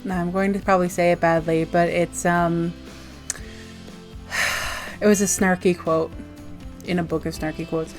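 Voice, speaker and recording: A woman's voice: on the low side, fairly even intonation, slow pace, pauses often, faint music behind. Bubbly giggling woman vlogger. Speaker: zine reviewer vlogger. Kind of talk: casual chat, reading mail.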